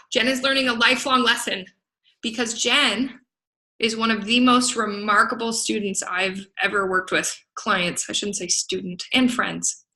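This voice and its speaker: A middle-aged business coach gives an emphatic motivational talk to a group at a Las Vegas event venue. Her medium-pitched voice is pushed and bright, she laughs often and keeps asking "right?", and the recording is rough.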